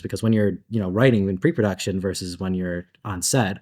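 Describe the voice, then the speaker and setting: Casting note: deep-voiced male designer, chatty and animated, convention panel guest. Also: a little fast. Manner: animated, chatty, laughs between thoughts, uses filler like "like".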